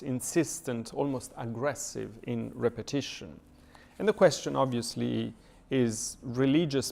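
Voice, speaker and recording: Halting man lecturing, gravelly voice. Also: medium pitch, a little mellow. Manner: thoughtful, many hesitations and fillers. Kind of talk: lecture reading and analyzing a poem. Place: church lecture.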